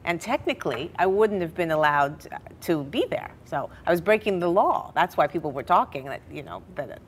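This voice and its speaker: A middle-aged woman telling family stories in a television interview, animated and laughing now and then. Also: low-pitched, moderate pace, slight background noise. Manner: animated storyteller, laughs through her stories. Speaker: interview guest. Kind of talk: personal storytelling in a TV interview.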